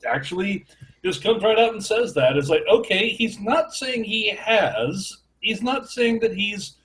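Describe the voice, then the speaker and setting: A man's voice: high-pitched, animated, measured pace, fairly bright tone, poor audio. Wry sarcastic podcast guy. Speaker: podcast co-host. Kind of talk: casual chat.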